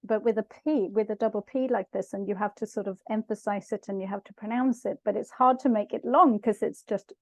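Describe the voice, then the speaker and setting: A woman's voice: mid-range voice, steady tone, brisk, hardly any pauses, no room sound, rough recording. A woman teaching a language class online, explaining sounds patiently and chatting with viewers.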